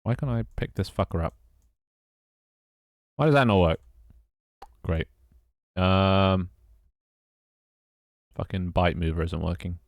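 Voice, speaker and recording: A man's voice: sits low, slow, long pauses, no echo, clean studio sound. A British man streaming live, muttering and swearing at his code between casual chats with his viewers. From Britain. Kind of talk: casual live-stream chat while coding.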